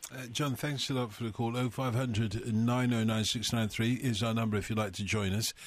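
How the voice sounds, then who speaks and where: A man's voice: medium pitch, steady tone, normal speed. A man hosting a live radio phone-in, chatty and self-mocking as he reads out the number and listeners' texts from a studio microphone.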